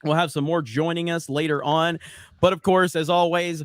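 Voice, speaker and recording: High-voiced joking male stream host. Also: fairly even intonation, normal speed, no room sound, studio quality. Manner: joking, rambling with restarts. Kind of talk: casual live stream chat.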